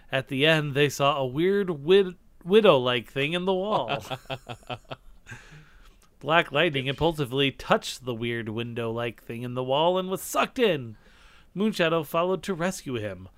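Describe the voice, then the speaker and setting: A man's voice: medium pitch, fairly bright tone, no room sound. A man reading an old childhood story aloud, giggling at it as he goes. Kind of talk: comedic read-aloud with commentary.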